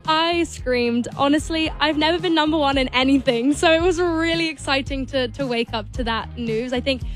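A woman's voice: high-pitched, moderate pace, soft background music. A teenage girl with an English accent, a singer and actor chatting as a guest in a radio studio, bubbly and rambling with lots of "like". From England. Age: teens. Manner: bubbly, rambling, heavy use of "like". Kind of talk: casual radio interview chat.

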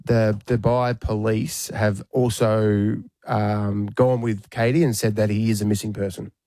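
A man's voice: fairly low pitch, little pitch movement, a little slow, mellow, dry recording. A man co-hosting a casual podcast chat, interjecting often and insisting on his own version of the story. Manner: interjecting, argues back insistently. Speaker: podcast co-host.

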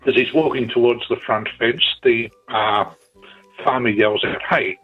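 Australian man, husky, over a tinny phone. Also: medium pitch, fairly even intonation, soft background music. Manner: rambling, halting with many fillers. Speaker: caller. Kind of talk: telling a joke on air.

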